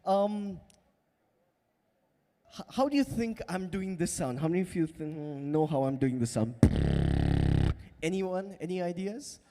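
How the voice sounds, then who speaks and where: A man's voice: high-pitched, lively intonation, measured pace, pauses often, warm tone, a little hiss or hum. A man beatboxing on stage, teaching and coaxing the audience with lots of energy. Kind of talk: live stage crowd work. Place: large event hall with audience. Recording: long hall reverb.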